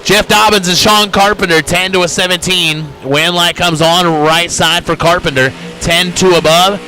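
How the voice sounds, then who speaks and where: A man with an Indiana accent announces drag races from a trackside booth, and his voice sits a little high with a bright, cutting edge. He runs through names, lanes and times in brisk play-by-play and drops quick jokes between pairs. Faint car noise hums underneath. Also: steady tone. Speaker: race announcer. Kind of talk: live drag-racing commentary.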